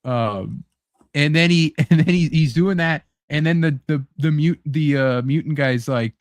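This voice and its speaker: A man hosting a casual chat show, talking excitedly and rambling with lots of fillers and swearing. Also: medium pitch, normal speed, dry recording, studio quality. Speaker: podcast host.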